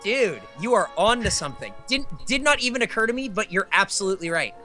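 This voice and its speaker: A man co-hosting a podcast, playful and quick to agree and joke in casual chat. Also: sits high, very animated, bright, forceful tone, soft background music. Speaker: podcast co-host.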